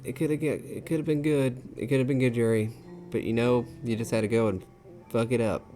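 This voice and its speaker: Exasperated swearing gamer, mellow voice. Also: male voice, mid-range voice, steady tone, brisk, soft background music. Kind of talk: let's play commentary.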